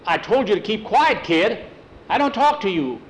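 A man's voice: fairly high pitch, animated, fast, slight background noise, close to an everyday voice, poor audio. A man voicing a bossy, hot-tempered ranch foreman who barks threats. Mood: impatient. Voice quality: barking, threatening, loud.

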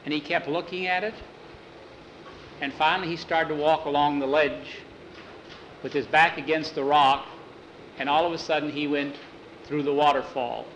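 Man, folksy storyteller, slightly high voice, faint background hiss. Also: fairly even intonation, normal speed, long pauses, fairly bright tone, highs cut off. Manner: folksy, plain-spoken, repeats "he said".

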